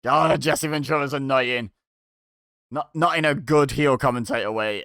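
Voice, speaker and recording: A man's voice: mid-range voice, unhurried, pushed and bright, clean tone, no room sound, clean studio sound. A man hosting a watch-along, giving casual, sarcastic reaction commentary and chuckling to himself.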